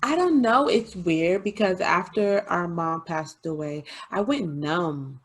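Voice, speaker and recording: Chatty, low-voiced woman podcast host. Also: animated, breathy edge. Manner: chatty and confiding, laughs often, quick asides. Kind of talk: casual podcast chat.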